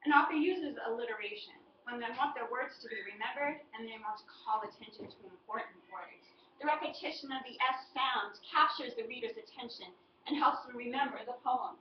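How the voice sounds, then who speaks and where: A woman's voice: high voice, brisk, hardly any pauses, slight background noise. Teacher woman in an echoey room. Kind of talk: model student presentation on a poem. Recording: echoey, distant, dull and lo-fi.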